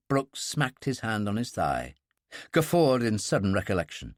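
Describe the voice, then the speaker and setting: A man giving scripted audiobook narration in a calm, understated manner. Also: on the low side, normal speed, no room sound, studio quality.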